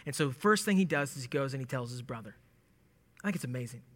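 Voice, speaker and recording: A man's voice: medium pitch, expressive, quick pace. A man teaching through a Bible passage in a casual, joking way, acting out lines with laughs. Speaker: preacher teaching scripture. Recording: long hall reverb.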